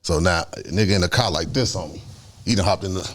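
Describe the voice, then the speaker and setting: Man, low voice, animated storyteller who does the voices of people in his story. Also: fast talker. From Chicago. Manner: animated, acts out voices, swings between loud and hushed. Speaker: guest storyteller. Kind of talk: casual storytelling interview.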